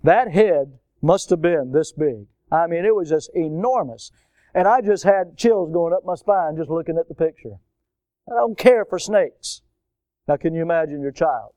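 A middle-aged man, preaching a storytelling sermon and acting out voices and shouts from his tales. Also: fairly high pitch, normal speed, no room sound. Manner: animated, acts out voices and shouts in stories. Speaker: preacher at a school chapel.

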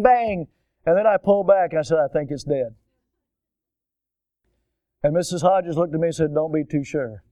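A middle-aged man, preaching a storytelling sermon and acting out voices and shouts from his tales. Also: fairly high pitch, smooth, no room sound, muffled recording. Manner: animated, acts out voices and shouts in stories. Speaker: preacher at a school chapel.

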